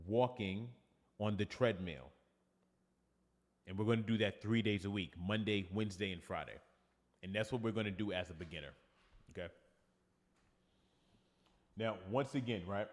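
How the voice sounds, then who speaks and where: A man's voice: lowish voice, long reverb tail. A man with a New York accent, a fitness coach chatting casually on a livestream and reading viewer comments aloud.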